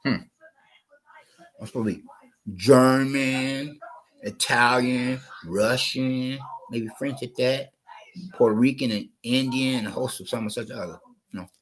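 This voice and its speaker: A man's voice: medium pitch, a little slow, pauses often, rough recording. A man with a cough telling a rambling, digressive story on his channel, often repeating himself. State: coughing, under the weather. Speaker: channel host.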